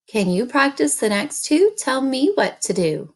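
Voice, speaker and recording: A woman teaching an early-grade reading lesson, speaking slowly and deliberately and repeating little chants for children. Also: high-pitched, very animated, a little mellow.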